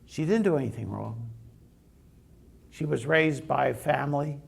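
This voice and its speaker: Pastor, male; gravelly, slow-paced conversational sermon storyteller. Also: mid-range voice.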